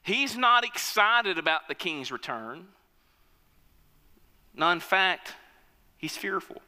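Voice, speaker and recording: A man preaches with a high, forceful, cutting voice, pressing each point as he tells a story. His words carry a long reverb, as if spoken in a large hall. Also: big pitch swings, takes it slowly, clean tone. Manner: emphatic, storytelling, calls on the congregation. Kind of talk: sermon.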